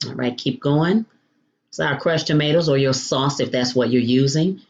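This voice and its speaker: Speaking at normal speed in a bass voice, a woman hosts a chatty, playful home cooking demo, calling viewers honey and baby and making playful food exclamations. The audio is dull with a little hiss or hum.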